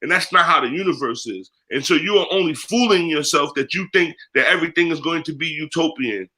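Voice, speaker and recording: Blunt, profane man, bright voice. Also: a little high, fairly quick, a little hiss or hum. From United States. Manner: blunt, profane, emphatic, street slang. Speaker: guest, spiritual priest. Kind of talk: candid interview talk.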